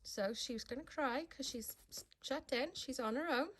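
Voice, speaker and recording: A woman dog breeder in a casual home vlog, talking in a calm, steady, instructive way from her living room. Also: high-pitched, moderate pace, a little hiss or hum.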